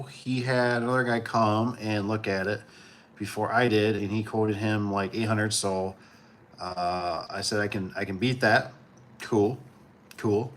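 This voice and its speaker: A man from Michigan hosting a casual livestream, talking in a relaxed, rambling way and chuckling often. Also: medium pitch. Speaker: livestream host.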